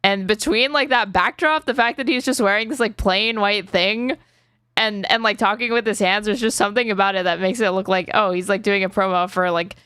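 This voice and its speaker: A woman with a smooth, clean voice rants on her stream, exasperated and swearing freely. Her voice is recorded dry and close. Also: medium pitch, brisk, a bit bright, no room sound. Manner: exasperated, profane ranting. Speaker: streamer host. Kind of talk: reaction-stream commentary.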